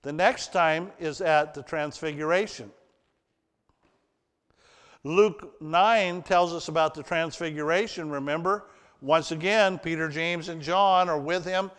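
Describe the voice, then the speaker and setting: Slow, earnest preacher in a reverberant hall. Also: male voice, a little high, smooth. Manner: swings between loud emphasis and hushed, earnest delivery. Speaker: pastor. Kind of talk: sermon. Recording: long reverb of a large hall.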